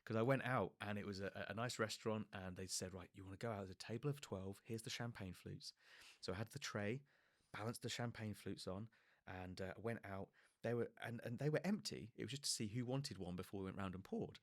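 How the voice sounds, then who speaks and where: A young man on a podcast, telling self-mocking work stories in a casual, animated way and swearing freely. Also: brisk, no room sound, clean studio sound. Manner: acts out quoted people with pitch jumps. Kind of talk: casual comic storytelling.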